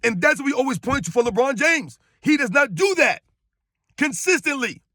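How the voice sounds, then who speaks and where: High-pitched man ranting about sports. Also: very animated, moderate pace, sharp tone, no echo, studio quality. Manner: emphatic, repetitive, scornful. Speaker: sports commentator.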